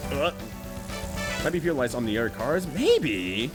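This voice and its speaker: A man's voice: medium pitch, wildly swooping pitch, unhurried, pauses often, loud music behind the voice. A young man streaming a racing game, chatting casually with viewers, swearing freely and laughing often.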